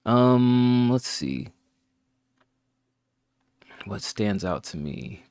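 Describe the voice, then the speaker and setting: Low-voiced man, dry close sound. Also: very animated, extremely slow, a little mellow, dry recording. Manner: wry, joking, reads out titles plainly. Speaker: co-host picking and rating listener tracks. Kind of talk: casual critique chat.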